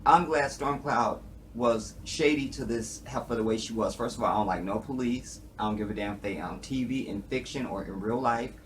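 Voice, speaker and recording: Brief: man reviewing a TV show, swears often, animated, talks to his viewers, mid-pitched. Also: moderate pace, slight background noise. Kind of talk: casual commentary.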